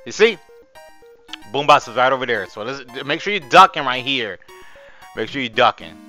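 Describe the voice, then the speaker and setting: A young man giving chatty, excitable gameplay commentary as host, talking to viewers and swearing, a bit hoarse from screaming. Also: medium pitch, moderate pace, soft background music. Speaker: gaming channel host.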